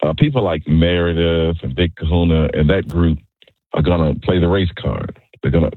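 Male radio caller, very low husky voice, dry tinny phone sound, halting stop-start delivery. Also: no echo. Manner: halting, repeats words while making his points. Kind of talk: call-in radio opinion.

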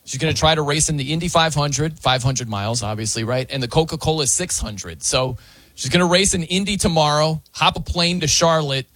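A man hosting casual sports talk, animated and chatty, sometimes mimicking wrestling announcers. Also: fairly high pitch, fairly quick, no room sound.

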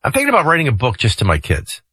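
A man's voice: medium pitch, racing, slightly rough, no echo. A middle-aged man hosting a radio morning show, talking casually in a folksy, joking way into a studio microphone. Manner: folksy, joking, lively delivery.

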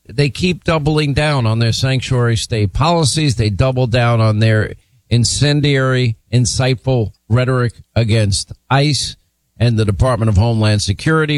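A male news host interviewing a guest, firm and pointed in his delivery. His mid-range voice sounds dry and close, with no room echo. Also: mid-range voice.

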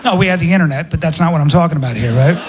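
A man's voice: a little high, racing, crowd noise, background noise. A man doing stand-up, riffing in a rambling way with bursts of emphasis. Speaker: stand-up comedian.

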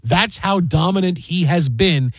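A man hosting a sports talk show, telling rambling, animated stories and slipping into mock play-by-play. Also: sits high, a little slow, husky, no room sound. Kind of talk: casual sports radio chat.

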